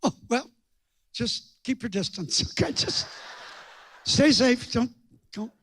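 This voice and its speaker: An older man preaching a storytelling sermon in a folksy, joking way, swinging from hushed asides to loud bursts. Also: extremely high pitch, expressive, slow pace, a little hiss or hum. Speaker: guest preacher.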